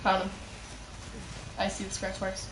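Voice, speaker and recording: A young woman chatting casually on a live gaming stream, telling a story and breaking into excited shouts at the game. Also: medium pitch, a little slow. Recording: roomy echo, mic at a distance, loud background noise.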